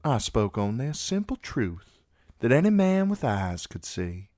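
A man voicing a courteous, guarded young knight in a measured, polite way. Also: mid-range voice, sing-song, darkish tone, no echo, studio quality, pitched above the performer's own voice.

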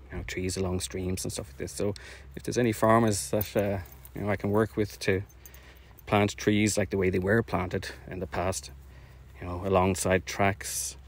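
Walking outdoors through fields, a man with a slightly low voice talks casually, a bit out of breath. He owns an orchard project and is streaming drone flights, rambling in live-stream vlog style with plenty of fillers and self-deprecating asides.

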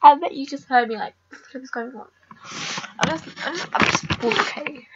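A woman's voice: high-pitched, moderate pace, muffled recording, very noisy. A teenage girl chatting casually over her game recording, rambling and blunt with lots of filler words. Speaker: gamer vlogger.

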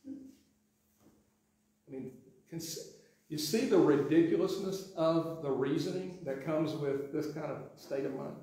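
Slow and warm, with long pauses, this slightly high-voiced pastor from Sweetwater delivers a sermon in a very echoey sanctuary. His style is conversational, full of restarts, and he performs the quotations he reads aloud.

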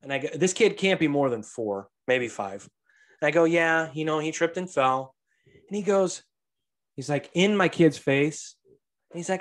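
A man and young father telling profane, animated stories on a casual podcast, acting out the voices of the people in them. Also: on the high side, normal speed. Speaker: podcast co-host; father of a toddler. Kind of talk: casual storytelling.

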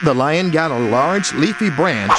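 A man narrating a children's story in a lively, expressive way. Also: a little high, measured pace, background noise. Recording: music bed underneath.

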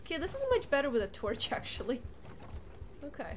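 A young woman streaming a game and chatting with viewers, who shrieks and yells at the game and then apologizes. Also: sits high, very animated, fairly quick. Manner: chatty, greets viewers by name. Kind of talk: casual live-stream game commentary. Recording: noisy home stream recording.

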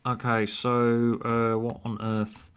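A man co-hosting a podcast, reading stage directions from a prediction script in a quick, offhand way with fillers. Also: mid-range voice, monotone, smooth. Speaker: podcast co-host.

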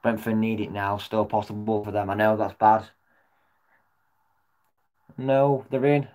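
A man reacting live to a football match as a fan vlogger. He swears often and swings between muttered comments and loud yells at the referee. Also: on the low side, fairly even intonation, a little slow, pauses often.

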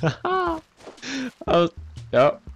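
A man's voice: high-pitched, wildly swooping pitch, very slow, faint music behind. A man giving casual, self-mocking commentary over a video game, laughing often at his own mishaps. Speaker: let's play commentator.

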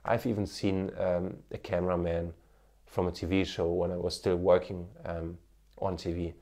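Deep and dark, this man's voice holds a level tone at normal speed. A marketing coach and former TV cameraman in his thirties, he speaks with a German accent touched by Indian, giving earnest, encouraging advice to camera with many fillers. He records on a smartphone with an external mic.

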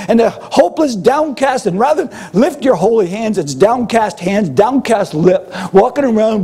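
An older man preaching a sermon, animated and humorous, sometimes acting out grumbling voices. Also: high-pitched, normal speed, hardly any pauses, breathy edge. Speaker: pastor.

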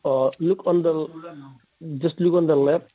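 A man's voice: on the high side, fairly even intonation, a little slow, phone-quality sound. A man on a scripted support call, polite and repetitive, addressing the listener as sir. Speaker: phone scammer.

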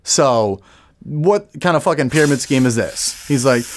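A man's voice: expressive, slight background noise. Profane young man telling a wild story. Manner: rapid, profane, jumps high for punchlines and acts out people. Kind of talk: animated comic storytelling.

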